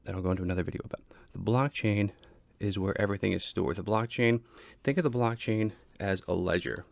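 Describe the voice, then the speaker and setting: A man's voice: low voice, vocal fry. A man hosting a casual explainer monologue, speaking plainly, repeating himself and restarting often. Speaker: crypto explainer host.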